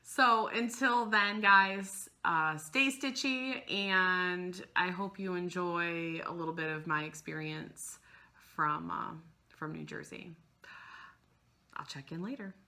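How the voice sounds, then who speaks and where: Gushing, teary woman vlogger, bright tone. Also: on the low side, fairly even intonation, slow. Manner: rambling, gushing, trails off mid-sentence. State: emotional, close to tears. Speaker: cross-stitch vlogger. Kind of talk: casual chat to camera.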